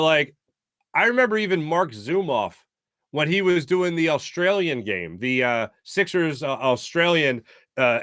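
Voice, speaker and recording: A man's voice: a little high, a bit bright, no room sound, studio quality. An American man hosting a sports talk show, rambling and opinionated, with many fillers. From United States. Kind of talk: casual sports talk monologue.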